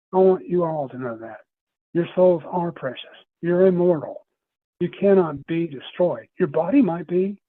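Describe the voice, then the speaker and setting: A middle-aged man with a slightly high voice, appearing as a guest on a podcast, tells a personal story earnestly and ramblingly, frequently starting his phrases over. The recording is dry and sounds tinny, like a phone line.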